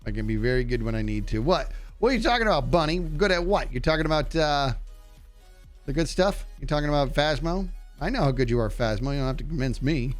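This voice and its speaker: A man's voice: on the high side, animated, fast, faint music behind. Chatty nasal male streamer. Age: adult. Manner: chatty, reads and answers chat while playing. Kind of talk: casual gaming livestream chat.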